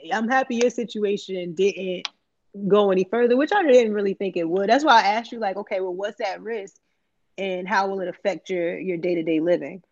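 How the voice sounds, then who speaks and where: A woman chatting loosely on a podcast, blunt and profane, her talk looping through slang and "like"s. Her voice sits at a middling pitch. The recording sounds muffled and lo-fi. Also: moderate pace. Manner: candid, profane, rambling with many "like"s and slang. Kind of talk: casual chat.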